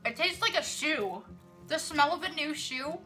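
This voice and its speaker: Young woman vlogger, fairly high voice, chatty and giggly, music under her. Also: expressive, measured pace, sharp tone. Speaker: vlogger host. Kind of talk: casual taste-test chat.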